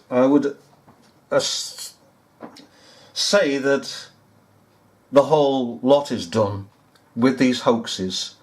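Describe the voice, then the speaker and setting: A man giving sarcastic, incredulous commentary over news footage, often repeating himself. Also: mid-range voice. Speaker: video commentator.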